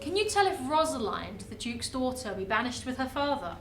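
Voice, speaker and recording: A woman's voice: high voice, big pitch swings, brisk, roomy sound, soft background music. Woman playing a haughty elder brother. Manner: haughty, commanding. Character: scornful noble elder brother. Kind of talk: amateur stage acting.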